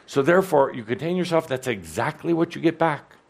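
A man's voice: a little high, lively intonation, fairly quick, creaky. A man speaking as a channeled spiritual teacher, coaching an audience member in front of a live crowd in a hall, playful and provoking, with frequent stammered restarts, on a handheld microphone. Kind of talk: interactive workshop coaching.

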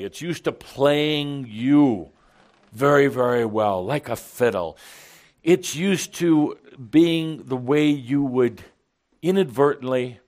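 Playful man channeling to a live audience. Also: fairly low pitch. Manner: animated, playful, laughing with the audience. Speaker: spiritual teacher channeling to an audience.

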